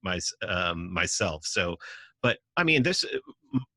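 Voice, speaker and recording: Emphatic New man, tense and bright. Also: deep voice, sing-song, measured pace, no room sound. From New York City. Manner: emphatic, profane, acts out quoted voices. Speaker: podcast guest. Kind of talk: casual conversational argument.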